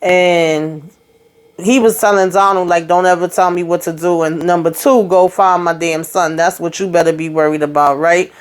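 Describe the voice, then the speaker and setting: A woman's voice: on the low side, steady tone, normal speed, clean tone. A woman hosting her own show, casually recapping a TV episode by retelling the characters' lines, with wry, sarcastic asides. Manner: chatty retelling full of quoted dialogue and asides.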